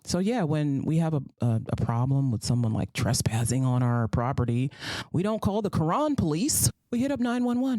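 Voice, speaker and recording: A woman's voice: sits low, very animated, moderate pace, warm tone, no echo. A woman hosting a solo commentary podcast, sarcastic and profane, who repeats phrases for emphasis and slips into mocking voices. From United States. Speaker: podcast host.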